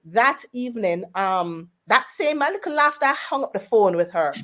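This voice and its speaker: A woman, a radio guest telling a personal story in a lively way and putting on family members' voices in quotes. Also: medium pitch, moderate pace.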